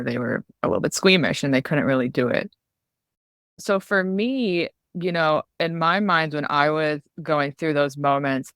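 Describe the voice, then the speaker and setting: A woman's voice: sits low, fairly bright tone, no room sound, studio quality. A woman guest on a podcast, an emergency physician telling a candid personal story in a chatty way, full of "you know" and "like".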